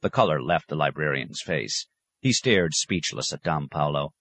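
A man narrating a novel in a calm, expressive storytelling voice. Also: rumbling low, normal speed, dry recording. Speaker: audiobook narrator. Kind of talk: scripted narration.

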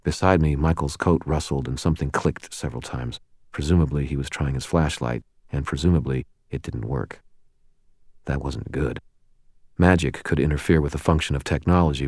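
A male audiobook narrator with an extremely deep voice. He tells the story in a dry, first-person way. The recording is dry and close with no room sound. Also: darkish tone, no echo. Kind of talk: scripted narration.

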